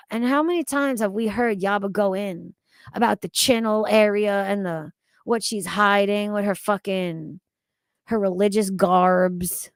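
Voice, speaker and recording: A woman's voice: mid-range voice, a little slow, dry recording. A woman streaming casually, talking to her chat, swearing freely and laughing often. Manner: loud, profane, laughing often.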